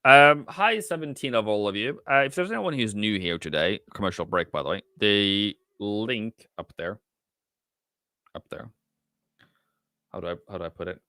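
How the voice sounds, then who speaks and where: A man's voice: lowish voice, animated, moderate pace, sharp tone, dry recording, studio quality. A man hosting a live trading stream, thinking aloud with many fillers and answering the chat in casual commentary. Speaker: livestream forex trader and host.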